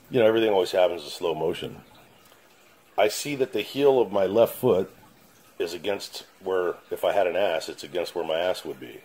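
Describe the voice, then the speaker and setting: A man's voice: low voice, a little mellow, breathy edge, low-quality recording. A middle-aged man telling a dramatic personal story to his channel in a blunt, profane, casual way. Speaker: channel host. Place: his house basement.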